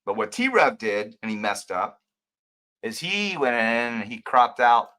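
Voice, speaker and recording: An older man, a former detective, hosts a livestream and rambles emotionally while answering viewer comments. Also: medium pitch. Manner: emotional, ranting, rambling, swings between loud and quiet.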